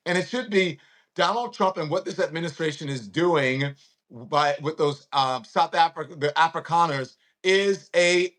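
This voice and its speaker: A man's voice: a little high, normal speed, a bit bright. A man in his fifties from Louisiana, hosting a casual political chat and reading viewer comments with emphasis. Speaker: host.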